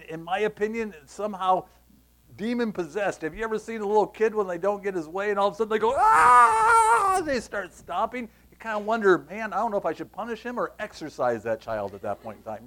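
Pastor type, man, bright high voice, animated sermon delivery with playful asides. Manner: animated, conversational, acts out scenes; reads scripture aloud.

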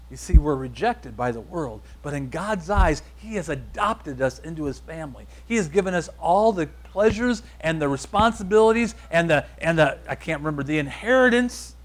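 Male preacher, slightly high voice, emphatic sermon with call-and-response. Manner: emphatic repetitive declarations, leads congregation call-and-response.

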